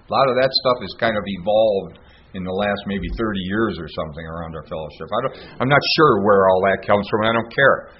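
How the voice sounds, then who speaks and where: A man's voice: on the low side, brisk, a little hiss or hum. Older man, earnest storytelling, plain speech, muffled lo-fi radio sound. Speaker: recovery meeting speaker. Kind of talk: personal sharing talk.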